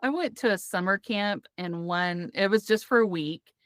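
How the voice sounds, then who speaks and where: A woman's voice: medium pitch, moderate pace, a bit bright, no echo, studio quality. A woman hosting a podcast, chatting casually, telling stories and laughing often. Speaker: podcast host.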